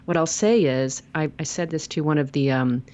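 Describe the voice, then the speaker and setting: A woman's voice: low voice, moderate pace, darkish tone, muffled recording. A woman guest on a podcast, talking earnestly and emphatically, often repeating words as she starts a sentence. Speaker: radio show host and logotherapist. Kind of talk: casual interview chat.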